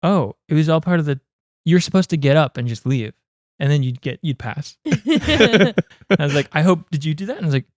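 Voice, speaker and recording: Guy with a kinda high voice telling a story on a podcast, dry close sound. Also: big pitch swings, a little fast, no echo. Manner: chatty, recounts anecdotes with quoted asides. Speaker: podcast co-host. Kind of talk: casual podcast chat.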